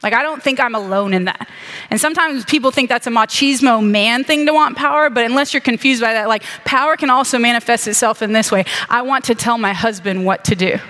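A woman's voice: a little high, a little fast, pushed and bright. Joking woman preacher in a reverberant hall. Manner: chatty, self-mocking, joking asides. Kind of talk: sermon with humorous stories. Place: large hall with an audience.

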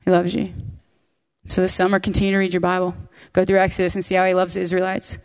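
A woman's voice: lowish voice, completely flat delivery, fast talker, darkish tone, clear, resonant tone. Emphatic woman Bible teacher. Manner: emphatic, repeats key phrases, acts out quoted prayers. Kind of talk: impassioned teaching to a women's group. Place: room with a women's group.

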